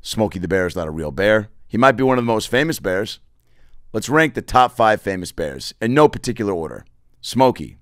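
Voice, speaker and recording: A man hosting a comedy podcast, telling crude stories in an animated, rambling monologue full of tangents. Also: on the low side, brisk, no room sound, studio quality.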